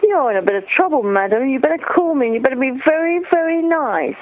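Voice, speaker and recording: A woman's voice: sits high, lively intonation, fast talker, narrow, tinny audio, slight background noise. A woman leaving a teasing, mock-scolding message on an answerphone. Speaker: answerphone caller.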